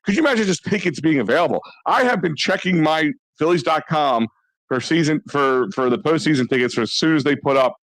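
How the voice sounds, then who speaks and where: A man talking sports on a podcast, excitable and rambling with many restarts. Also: on the high side, a little fast, dry recording, rough recording. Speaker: podcast co-host. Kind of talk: casual sports chat.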